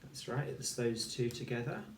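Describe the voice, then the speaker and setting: A man teaching a recorded phonics lesson for children, speaking slowly and clearly and sounding out each letter and word. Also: medium pitch, animated, a little hiss or hum. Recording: echoey room, voice a little far from the mic.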